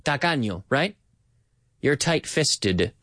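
A man hosting a bilingual English lesson for Spanish speakers, repeating phrases slowly for learners and mixing in Spanish words. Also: medium pitch, sing-song, a bit bright, no room sound, studio quality. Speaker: language teacher and podcast host.

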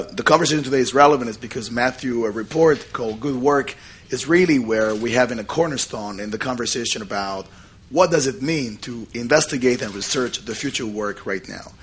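A man moderating a panel conversation in English, which is not his first language, hoarse from losing his voice, clearing his throat often and pausing with fillers. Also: medium pitch. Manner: frequent throat clearing and hesitations.

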